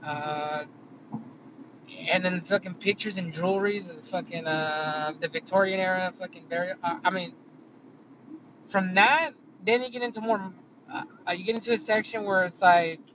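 Casting note: a man with a high voice for a rambling, profane casual story. Dull lo-fi audio from inside a car. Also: fairly even intonation, normal speed, background noise. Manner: rambling, heavy swearing, many fillers.

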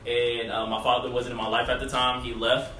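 A man telling his own story on a podcast in relaxed casual chat, with many fillers. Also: mid-range voice, a little fast. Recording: echoey room, far from mic, faint hiss.

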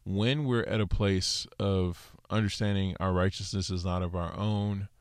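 Male bible teacher, low voice, unhurried delivery, dry close sound, loose casual explaining. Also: fairly even intonation, no echo. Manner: explains Hebrew word studies, many fillers like "so" and "okay". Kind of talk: casual scripture lesson.

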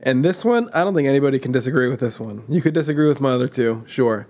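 A man's voice: mid-range voice, animated, quick pace, a little mellow. A man co-hosting a podcast in casual chat, laid-back and easily amused. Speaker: podcast co-host.

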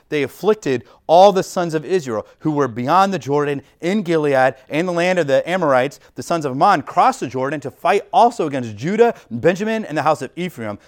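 Guy preaching at church, kinda high voice, chatty and animated, lots of "like"s. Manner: conversational, animated preaching with many "like" fillers. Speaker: pastor. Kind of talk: sermon.

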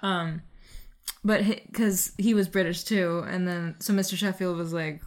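A woman's voice: on the low side, steady tone, normal speed. A young woman co-hosting a casual podcast chat about a movie, talking loosely with lots of fillers and asides. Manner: chatty, full of fillers and asides. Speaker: podcast co-host.

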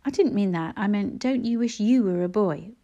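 A woman's voice: medium pitch, lively intonation, normal speed, dark tone, lo-fi sound, natural voice. A woman reading aloud and voicing a brave, practical young girl who talks earnestly and reassuringly in a storybook. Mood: gentle, reassuring.

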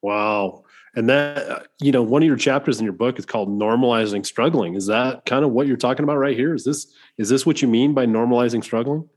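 Husky-voiced male interview host. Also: medium pitch, fairly quick, a little mellow. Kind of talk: interview conversation.

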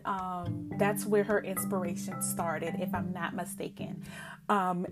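An excited woman talks in a loose, chatty way, full of fillers. Her pitch sits in a middle range. Guitar music plays clearly behind her. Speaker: podcast host. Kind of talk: casual chat.

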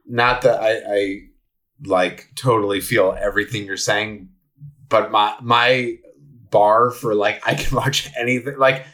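Rambling man with a lowish voice. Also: fairly even intonation, measured pace, pushed and bright. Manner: rambling, lots of fillers. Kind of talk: casual film review chat.

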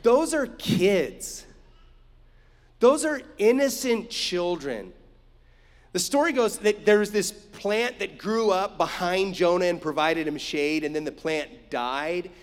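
A man's voice: high-pitched, expressive, slow pace, big-room sound. A man preaching a sermon, emphatic, with frequent rhetorical asides to his listeners. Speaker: pastor.

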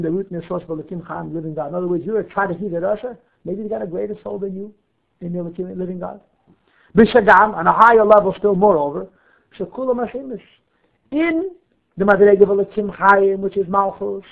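Guy giving a torah class, high voice, tinny phone-line sound. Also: vocal fry. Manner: explains Hebrew text line by line, asks and answers questions. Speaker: Torah teacher. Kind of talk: Torah class on Chassidic text. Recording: phone-like narrow audio.

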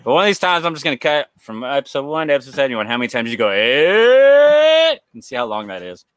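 A man's voice: medium pitch, racing, a bit bright, no room sound. A man co-hosting a horror podcast, chatting casually with wry, profane jokes. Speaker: podcast co-host. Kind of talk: casual chat.

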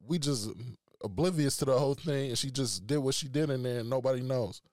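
A man's voice: medium pitch, brisk, darkish tone, no room sound, clean studio sound. A man hosting a podcast, telling a story in casual, slangy talk and laughing often. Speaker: podcast host.

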